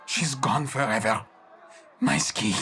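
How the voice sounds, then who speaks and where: An actor playing a grieving, furious nobleman father with a French accent, shouting imperiously in a video game. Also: medium pitch, slow pace. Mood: bitter grief. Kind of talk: game voice acting.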